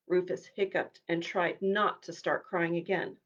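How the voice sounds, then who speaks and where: A woman children's minister giving a live storytime, reading a picture book aloud to children with an expressive read-aloud manner. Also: lowish voice, normal speed, hardly any pauses, slightly rough, lo-fi sound. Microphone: livestream device.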